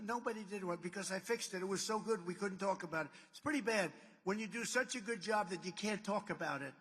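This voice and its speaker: A man delivering a rally speech from a stage microphone, his voice set fairly high for a man. He piles boast on boast in repeated superlatives, drifting into rambling asides. His words ring out with a long reverb through a large hall. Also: fast, a bit bright, husky. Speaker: political candidate.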